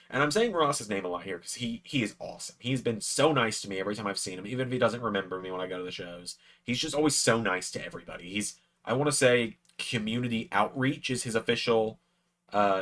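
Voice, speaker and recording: A man chatting casually to camera, telling a personal story in an excitable way with plenty of fillers. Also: lowish voice. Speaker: YouTube creator.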